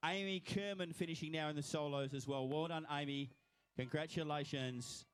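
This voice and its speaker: A man's voice: on the high side, steady tone, moderate pace, clear, resonant tone. A man with an Australian accent, commentating live at a swim finish line and congratulating each swimmer by name.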